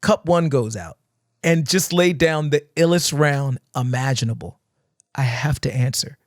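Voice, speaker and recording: A man's voice: medium pitch, measured pace, no room sound, clean studio sound. A man who teaches dance, talking casually on a podcast, acting out crowds and swearing freely as he tells stories. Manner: animated storytelling, acting out crowds and shouts, swears often.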